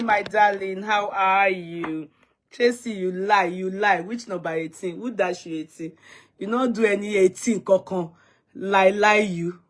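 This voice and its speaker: A woman's voice: mid-range voice, a bit bright, slight background noise. A Nigerian woman hosting a casual livestream, chatty and teasing, greeting viewers by name and switching into Yoruba and Pidgin. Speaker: livestream host.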